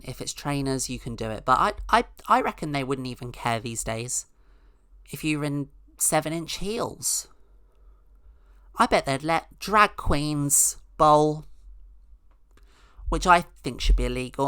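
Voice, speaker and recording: A woman's voice: deep voice, lively intonation, unhurried, fairly bright tone, clear, resonant tone, no room sound, studio quality. A woman hosting a podcast, telling a rambling, sarcastic comic story with mock-outraged asides. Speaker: podcast host. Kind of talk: casual comedic monologue.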